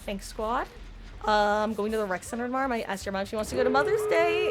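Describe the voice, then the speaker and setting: A woman with a fairly high voice talks through a live game stream, rambling to her viewers and tripping over restarts when annoyed. A faint hiss of noise sits under her voice. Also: animated, fast. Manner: rambling, frustrated, stammering restarts. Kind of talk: live gaming stream chat.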